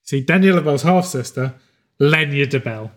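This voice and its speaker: A man running a tabletop game as game master, narrating haltingly with many pauses and filler sounds. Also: medium pitch. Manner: halting, full of ums, slows for grim scenes.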